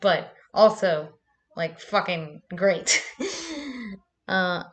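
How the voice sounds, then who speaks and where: A woman's voice: fairly low pitch, takes it slowly, long pauses, fairly bright tone. A young woman chatting casually on a live stream, laughing often and swearing freely.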